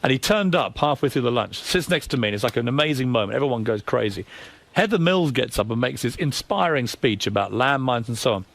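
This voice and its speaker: Brief: middle-aged British male guest, rapid brash storyteller, very dry close mic. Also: medium pitch, animated, vocal fry, a bit bright, dry recording. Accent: British English. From Britain. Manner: fast, brash storytelling with acted quotes. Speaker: guest, tabloid newspaper editor. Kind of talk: lively anecdotal interview talk.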